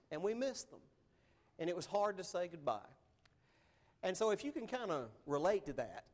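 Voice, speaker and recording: A man preaching a sermon in an earnest, conversational way, his emphasis rising and falling as he goes. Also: on the high side. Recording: long hall reverb.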